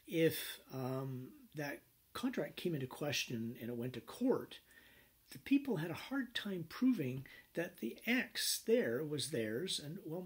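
Male lecturer, husky, slightly high voice, storytelling with lots of ums. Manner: anecdotal, animated storytelling with many fillers. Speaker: business law instructor. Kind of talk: recorded lecture.

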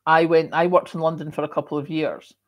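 This livestream host is a middle-aged Scottish woman with a moderated accent and a low voice, delivered flat and brisk. She reads out viewer comments in a casual chat, with plenty of coughs and ums.

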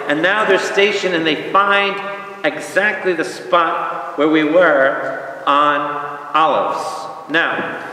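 New priest, lively Bible teacher, quizzes the crowd, distant echoey hall. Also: male voice, on the high side. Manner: animated, asks the audience questions, acts out quotes.

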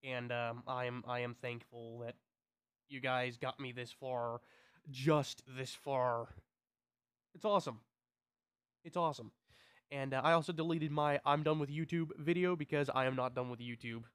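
A man's voice: medium pitch, fairly even intonation, normal speed, fairly bright tone, clean tone, no echo. A young man talking casually to his subscribers, rambling, tripping over his words and swearing now and then. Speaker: YouTuber.

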